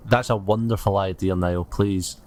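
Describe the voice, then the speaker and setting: A man narrating as game master of a tabletop game in a relaxed, hesitant way, with frequent ums. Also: low voice, normal speed, very noisy.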